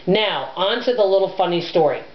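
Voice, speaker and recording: Loud, abrasive woman vlogger, echoey room. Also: on the low side, animated, a little fast. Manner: chatty, rambling, self-deprecating. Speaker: personal finance vlogger. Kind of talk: casual chat to camera. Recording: echoey room, dull lo-fi sound.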